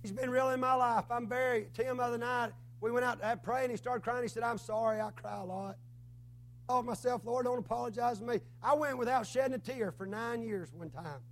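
Preacher, male, drawl, strained hoarse voice, very high register, fervent sermon delivery. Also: a little fast. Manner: fervent, rising to shouts then dropping low.

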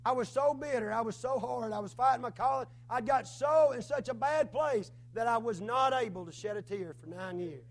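A preacher man with a hoarse, worn voice, giving a fervent sermon that swings between shouts and low murmurs. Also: moderate pace, hardly any pauses. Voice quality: hoarse, strained voice. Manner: fervent, rising to shouts then dropping low.

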